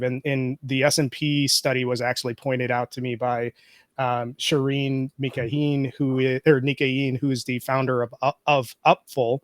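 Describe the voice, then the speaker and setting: A man who is a podcaster, answering interview questions in a measured, explanatory way and walking through data points. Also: mid-range voice, no room sound, studio quality. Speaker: guest, podcaster.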